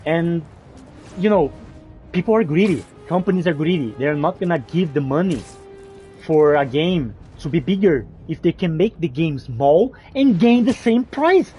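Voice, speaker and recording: A man giving rambling, excitable gameplay commentary as a gaming channel host, often restarting his sentences. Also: on the high side, normal speed, faint music behind.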